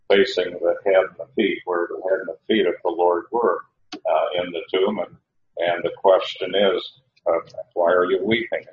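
A very low-voiced man preaches a verse-by-verse sermon, pausing and restarting as he thinks aloud. His voice echoes around a large room. The recording sounds a little dull, with faint hiss underneath. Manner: halting, many fillers and restarts. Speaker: pastor. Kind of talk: expository sermon.

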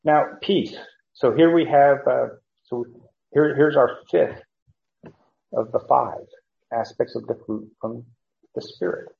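A man teaching verse by verse from the Bible, halting with many fillers and restarts, chuckling now and then. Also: mid-range voice, gravelly. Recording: dull lo-fi recording.

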